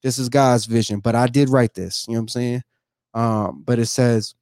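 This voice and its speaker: Man, vlogger, raw emotional monologue, street slang, heavy swearing, mid pitch, dry recording. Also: normal speed, darkish tone, smooth, no room sound. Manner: casual slangy, heavy cursing, repeats himself. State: emotional, near tears. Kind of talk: emotional personal vlog monologue.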